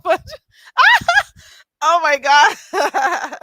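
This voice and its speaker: A woman's voice: high-pitched, very animated, slow pace, long pauses, sharp tone, no echo, rough recording. A woman hosting a casual livestream, chatting and teasing viewers by name and laughing often. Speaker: livestream host. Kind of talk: casual chat reading live chat. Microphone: streaming mic.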